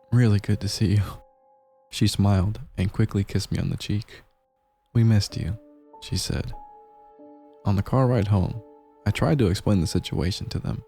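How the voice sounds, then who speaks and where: A man narrating a horror story in a measured, grave storytelling manner. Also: lowish voice, gravelly, mellow. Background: faint gameplay music.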